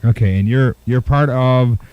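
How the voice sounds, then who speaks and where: A man's voice: medium pitch, unhurried, clear, resonant tone, no echo, muffled recording. A man hosting a radio interview, asking playful, teasing questions. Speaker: radio host.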